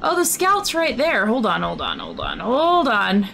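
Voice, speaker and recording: A woman playing a video game and talking through it in casual, excitable commentary, often flustered and startled. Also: a little high, measured pace, vocal fry, a little hiss or hum. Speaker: gaming streamer. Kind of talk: casual let's-play commentary.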